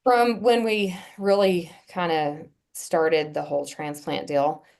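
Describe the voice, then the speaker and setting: A woman guest on a podcast, telling a personal story in a casual, earnest way, pausing often with fillers and restarts. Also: low-pitched, steady tone, creaky, darkish tone. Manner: halting, with frequent "um" and restarts.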